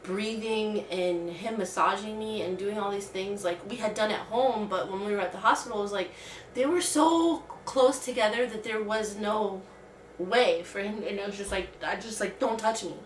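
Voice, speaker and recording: A woman's voice: mid-range voice, moderate pace, a little hiss or hum. A woman vlogger telling a personal story in casual, rambling talk full of "like". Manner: rambling, heavy use of "like". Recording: roomy sound from a distant mic.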